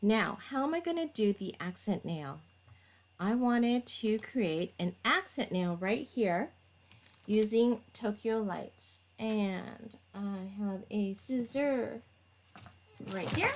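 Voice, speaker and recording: Slow-talking woman demonstrating a manicure. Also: mid-range voice, lively intonation. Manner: chatty, talks while working, laughs at herself. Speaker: nail tutorial vlogger. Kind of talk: casual step-by-step demonstration.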